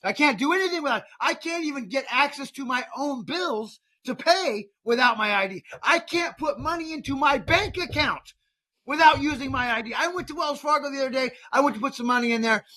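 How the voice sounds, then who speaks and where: A man's voice: very high voice, brisk, pushed and bright. A man in his fifties hosting a political podcast, ranting heatedly, often repeating words and restarting sentences. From United States. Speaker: podcast host.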